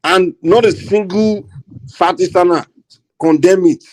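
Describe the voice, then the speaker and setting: A man's voice: high-pitched, measured pace, a little mellow. A man with a Nigerian Yoruba accent hosting a heated political talk, blunt and indignant, switching between Yoruba and English. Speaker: host.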